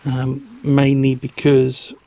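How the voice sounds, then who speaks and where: A man's voice: mid-range voice, monotone, takes it slowly, gravelly, dark tone, slight background noise. A man explaining motorbike wiring and soldering step by step. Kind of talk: instructional workshop talk.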